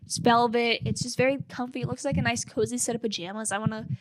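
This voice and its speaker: A woman's voice: fairly high pitch, steady tone, fast talker, no room sound, clean studio sound. A young woman hosting a fan podcast, chatting casually and upbeat with lots of filler words. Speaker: podcast host.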